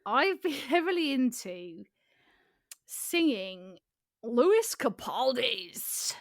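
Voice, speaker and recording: A woman's voice: fairly high pitch, sing-song, takes it slowly, no echo, clean studio sound. A woman co-hosting a podcast, chatting in a playful, giggly, rambling way. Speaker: podcast co-host. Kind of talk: casual comedic chat.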